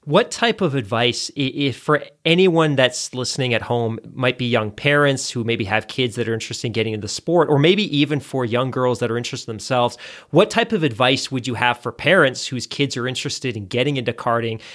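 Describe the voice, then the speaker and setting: A man's voice: medium pitch, a little fast, fairly bright tone. A man hosting an interview, upbeat and jokey, asking long rambling questions. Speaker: interview host. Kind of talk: conversational interview.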